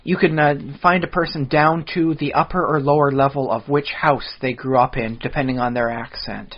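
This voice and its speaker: A podcast co-host rambles through a casual chat, full of fillers and restarts. His mid-range voice is steady at a moderate pace, and the audio sounds dull and lo-fi.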